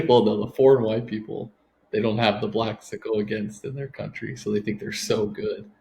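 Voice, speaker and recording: A man's voice: fairly low pitch, fairly even intonation, moderate pace, creaky, darkish tone. A man co-hosting a sports podcast, joking and trading hot takes in casual chat. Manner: joking, offers hot takes, trails off mid-thought. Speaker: podcast co-host.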